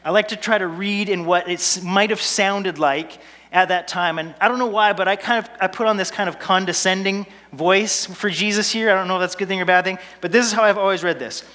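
In a large hall with long reverb, a male pastor gives a conversational, humorous sermon and asks the congregation rhetorical questions. He speaks briskly in a high-pitched voice with a sharp tone.

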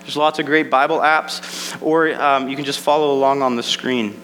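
A man's voice: medium pitch, fairly even intonation, moderate pace, a bit bright. A man preaching a sermon, talking to the room in an easy way, often repeating words and adding asides. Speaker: pastor. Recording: echoey hall with faint mains hum.

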